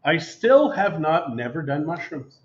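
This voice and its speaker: A man's voice: a little high, very animated, a little slow. A man co-hosting a casual chat show, telling stories with playful exaggeration. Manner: joking storyteller, playful exaggeration. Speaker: co-host. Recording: roomy, dull lo-fi livestream sound.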